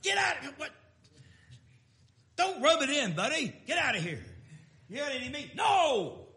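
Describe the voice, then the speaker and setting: A man's voice: very high voice, very animated, moderate pace, pushed and bright, roomy sound, voice pushed up, heavily acted. A man acting out a nervous, sheepish fisherman disciple who talks in a flustered rush. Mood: exasperated. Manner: jittery, flustered.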